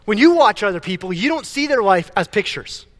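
A man preaching a sermon as pastor, animated, often stumbling and repeating words as he builds a point. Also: high-pitched, fairly quick, big-room sound.

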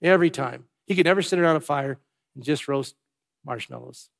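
A man preaching a sermon, swinging between hushed, tender passages and loud, emphatic ones. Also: a little high, fairly quick, vocal fry. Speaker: pastor.

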